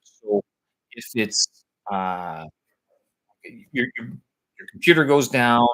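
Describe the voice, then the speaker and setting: A man's voice: mid-range voice, sing-song, slow pace, a bit bright, rough recording. A man talking live about teaching English, rambling and searching for words as he thinks aloud. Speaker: vlogger on teaching English abroad. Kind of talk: live-stream talk.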